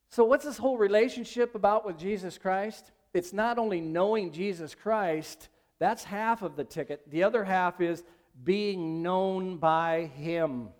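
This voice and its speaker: A man's voice: high-pitched, moderate pace, a little mellow. A man preaching a sermon as pastor at a church service, talking conversationally and asking the congregation questions.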